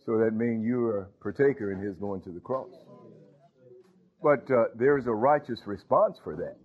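A male pastor giving a sermon, halting with fillers, then building to emphatic points. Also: on the low side. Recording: tinny phone-like audio.

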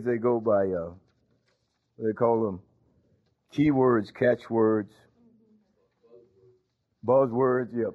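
A male pastor, preaching a sermon in a folksy call-and-response manner, laughing often. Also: mid-range voice. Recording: tinny phone-like church recording.

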